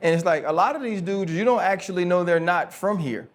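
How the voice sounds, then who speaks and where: A man's voice: high voice, fairly quick. A man hosting a casual podcast interview, asking loose, rambling questions full of fillers. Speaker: podcast host. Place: podcast studio.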